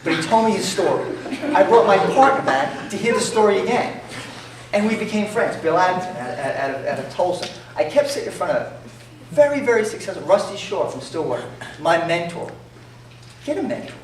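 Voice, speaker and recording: An entrepreneur from New York tells stories to an audience in a high, brisk voice, animated and jokey, acting out the dialogue as he goes. He's recorded from far off in an echoey room, with faint background noise.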